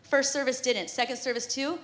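A woman's voice: high voice, fairly even intonation, fairly quick, a bit bright. A woman in her thirties, a mother, preaching a sermon in a conversational, humorous way and laughing often. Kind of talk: sermon with prayer and personal story.

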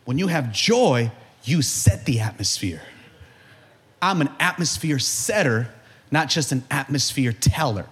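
A man preaching a sermon as pastor, building to shouts and joking with the congregation, calling out questions for them to answer. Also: medium pitch, expressive, measured pace. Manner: preaching with rising shouts and humor, call-and-response.

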